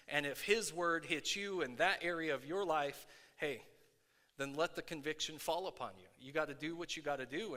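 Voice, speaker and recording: A middle-aged man preaching a sermon in a conversational way, with many fillers, going from quiet asides to shouting. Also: on the high side. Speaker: pastor. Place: worship center. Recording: long hall reverb.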